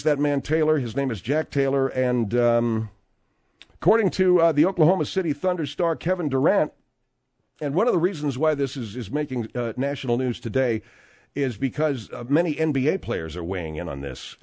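Animated male sports radio host. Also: medium pitch, no room sound. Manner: animated, rambling, with frequent restarts. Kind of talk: sports talk radio banter and news reading.

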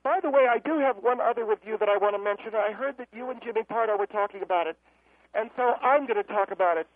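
A man voicing a haughty, combative older woman caller who mocks everyone in a cracking falsetto, heard over a phone line. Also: fast, no echo, lightly acted. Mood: snippy. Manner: snippy, mocking, combative. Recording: dry tinny phone line.

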